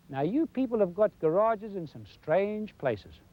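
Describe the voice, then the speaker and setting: A golf instructor with a high voice and big pitch swings speaks at a moderate pace in a lo-fi 1990s TV broadcast. He keeps it folksy, demonstrating as he goes.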